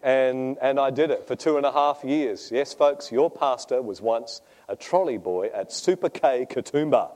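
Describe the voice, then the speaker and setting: In a sermon that doubles as personal testimony, a middle-aged Australian pastor shares his story conversationally and self-deprecatingly. His slightly mellow mid-range voice moves at normal speed with hardly any pauses.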